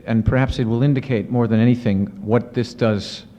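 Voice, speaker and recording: A man, an author and professor, answering audience questions in lively storytelling with many restarts and fillers. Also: medium pitch, a little fast, big-room sound. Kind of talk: casual spoken Q&A. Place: university lecture event. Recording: muffled 1970s archive recording.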